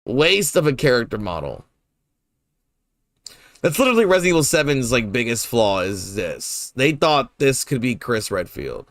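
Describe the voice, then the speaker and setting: Animated, swearing young man streaming games. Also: mid-range voice, moderate pace, no room sound, studio quality. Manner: rambling, swears freely, laughs often. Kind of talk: casual gameplay commentary.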